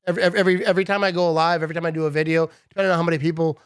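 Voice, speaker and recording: A man in his thirties giving a casual, animated sports rant to his viewers, full of "bro" and "dude". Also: a little high, racing, clear, resonant tone, no echo, studio quality. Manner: animated, chatty, says "bro" and "dude" a lot. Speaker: sports vlogger.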